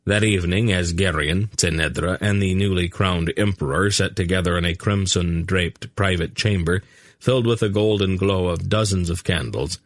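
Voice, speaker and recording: A man narrating an audiobook in a slow, expressive reading. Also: deep voice, no room sound. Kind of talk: scripted narration.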